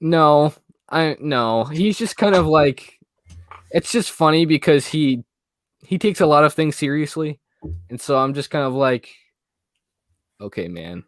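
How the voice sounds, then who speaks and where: A man's voice: fairly high pitch, a little slow, no room sound. Hesitant young man, dry close sound. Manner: hesitant, rambling, many fillers and "I don't know". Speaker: guest, movie YouTuber. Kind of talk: casual interview chat.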